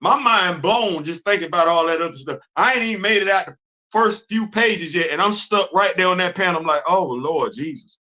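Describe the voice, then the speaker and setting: A man hosting a live comics talk show, animated and exclaiming, repeating himself as he gets excited. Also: high-pitched, brisk. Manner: animated, repetitive, exclaiming, laughing. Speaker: comics podcast host. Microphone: live stream mic.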